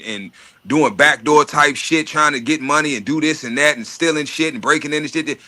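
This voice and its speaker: A man's voice: medium pitch, bright, forceful tone. A man talking in casual chat about money and estates, profane and streetwise, often repeating words while he searches for them. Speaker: podcast host.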